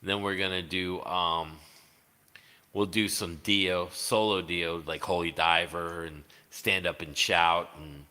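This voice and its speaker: A man's voice: deep voice, level tone, slow, bright, forceful tone, smooth, long reverb tail. A man chatting casually on a livestream, rambling and swearing, with many fillers. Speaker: livestreaming guitarist.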